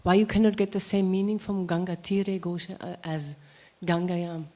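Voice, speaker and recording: A woman in the audience asking a question in a hesitant, halting way. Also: lowish voice, steady tone, warm tone.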